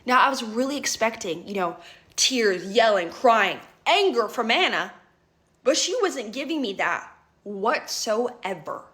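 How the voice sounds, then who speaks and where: A woman's voice: on the high side, lively intonation, measured pace, fairly bright tone. Chatty young woman telling a story. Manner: chatty, dramatic, tags lines with "right?" and "okay?". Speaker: vlogger. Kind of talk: storytime vlog.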